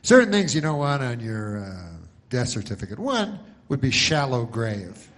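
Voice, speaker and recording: Deadpan rambling stand-up comedian, a man. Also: mid-range voice, moderate pace.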